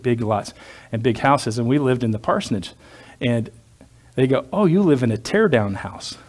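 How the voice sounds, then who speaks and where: A man's voice: mid-range voice, a little mellow. A male pastor preaching a sermon in a conversational, digressive way, with joking asides to his congregation.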